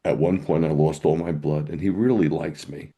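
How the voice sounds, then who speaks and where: A man's voice: rumbling low, steady tone, moderate pace, dark tone, husky. A middle-aged man, a rabbi, telling a personal testimony as an interview guest in a conversational storytelling way with wry humor.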